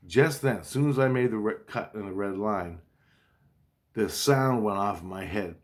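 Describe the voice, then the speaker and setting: A man's voice: fairly low pitch, normal speed. A man telling a story in a rambling, casual monologue, agitated and profane, often restarting his sentences. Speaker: vlogger recounting a dream.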